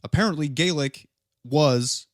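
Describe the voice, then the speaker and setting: A man's voice: a little high, measured pace, no echo, clean studio sound. A man co-hosting a podcast, chatting casually with blunt, teasing jokes. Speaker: podcast co-host.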